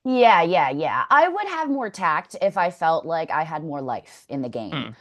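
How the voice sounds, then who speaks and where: A woman's voice: low voice, very animated, measured pace, a bit bright. A woman talking candidly as an interview guest, blunt, swearing freely and telling stories with energy. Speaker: former contestant, interview guest.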